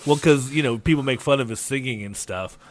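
A man's voice: medium pitch, a little fast. A man with a mid-range voice co-hosts a podcast. He talks in an easygoing way, stopping and restarting his thoughts as he goes. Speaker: podcast co-host. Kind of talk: casual chat.

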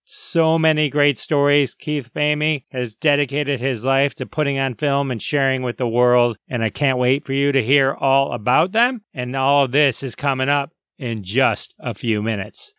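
A man's voice: on the high side, bright, forceful tone, clean tone, dry recording. A man hosting a podcast, reading a jokey, upbeat introduction into a close mic. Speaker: podcast host.

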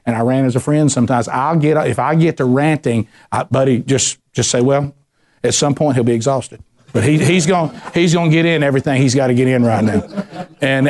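A middle-aged man preaching a sermon, telling lively personal stories and acting out the voices in them. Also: medium pitch. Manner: animated storyteller, acts out voices, ranting bursts.

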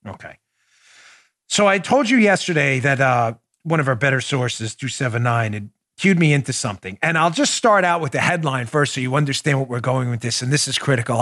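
Male podcast host, mid-pitched, dry close sound, fired-up commentary with halting restarts. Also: fairly bright tone, no room sound. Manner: impassioned, indignant, stumbling restarts.

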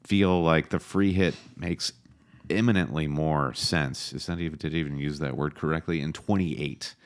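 A man's voice: a bass voice, steady tone, normal speed, clean tone. A man co-hosting a podcast in casual chat, wry and confident. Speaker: podcast co-host.

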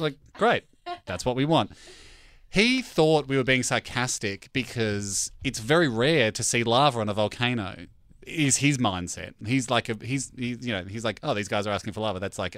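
A man's voice: mid-range voice, fairly bright tone, dry recording, clean studio sound. A man on a podcast as a guest, telling a funny story and acting out the people in it, laughing along. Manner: acts out people's voices, laughs as he talks. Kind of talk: animated comedic storytelling.

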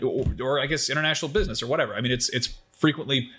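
A man's voice: medium pitch, racing, bright, forceful tone, breathy edge. A man hosting a casual podcast chat, rambling and jokey as he talks. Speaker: substitute podcast host.

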